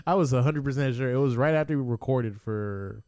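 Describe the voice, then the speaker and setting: A man's voice: mid-range voice, fairly quick, darkish tone, clean tone, dry recording, clean studio sound. A young man co-hosting a podcast in laid-back casual chat. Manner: laid-back, says "bro". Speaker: podcast co-host.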